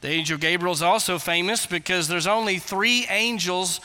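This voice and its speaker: A man's voice: high-pitched, moderate pace, bright, forceful tone, in a large hall. A male pastor preaching a sermon, earnest and explanatory, with emphatic repetitions.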